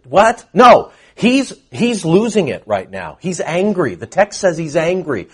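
A middle-aged man preaching a verse-by-verse sermon, moving between quiet explanation and loud, emphatic bursts. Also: medium pitch, very animated, normal speed, husky. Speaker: pastor. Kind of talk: expository sermon.

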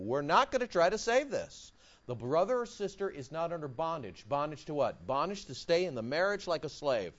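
Animated, high-voiced preaching man. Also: moderate pace. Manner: animated preaching, acting out quotes with sudden loud high bursts. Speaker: pastor. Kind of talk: sermon. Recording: dull lo-fi recording.

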